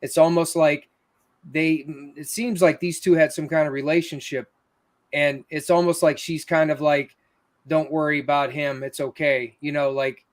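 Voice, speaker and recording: Casting note: male ghost hunter, higher-pitched, earnest, explanatory. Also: flat delivery, normal speed. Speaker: paranormal investigator. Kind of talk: casual chat.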